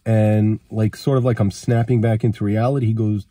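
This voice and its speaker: A man's voice: lowish voice, fairly even intonation, brisk, hardly any pauses, warm tone, breathy edge, dry recording, studio quality. A man with a cold telling a personal story in a casual, rambling way, acting out the lines of the people in it. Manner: rambling, acts out quoted dialogue. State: has a cold.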